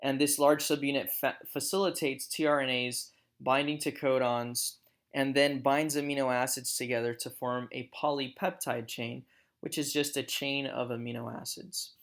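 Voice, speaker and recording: Man, professor, recorded slide lecture, bright tense voice, explains step by step. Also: mid-range voice, steady tone, normal speed. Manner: explanatory, with small self-corrections.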